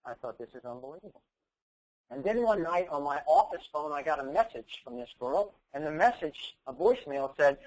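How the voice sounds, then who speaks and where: A man speaking to an audience, telling a story and voicing every line of its dialogue with plenty of emphasis. His voice sits on the higher side for a man. He leans hard on key words when he drives a point home. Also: expressive, a little fast, darkish tone, poor audio. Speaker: keynote speaker. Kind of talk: motivational speech.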